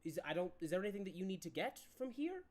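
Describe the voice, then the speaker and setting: A woman doing a brisk commanding man. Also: lowish voice, sing-song, a little mellow, a little hiss or hum.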